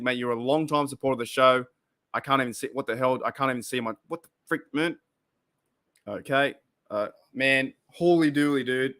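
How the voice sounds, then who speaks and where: Man, bright voice, casual live-stream host, chatty, repeats himself. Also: medium pitch. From Australia. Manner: chatty, exclaims and laughs at comments, repeats himself. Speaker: podcast host reading live chat.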